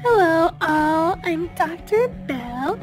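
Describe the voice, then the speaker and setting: Woman as measured, reassuring female doctor, high bright pitch. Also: expressive, over music, heavily acted. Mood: calm. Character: calm female hospital doctor. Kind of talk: toy play voice acting.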